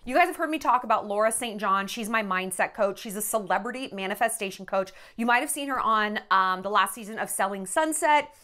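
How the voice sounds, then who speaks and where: A woman's voice: mid-range voice, brisk, few pauses, pushed and bright. A woman talking in a candid, rambling vlog monologue, profane and emotional, tearful at times. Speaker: celebrity gossip vlogger.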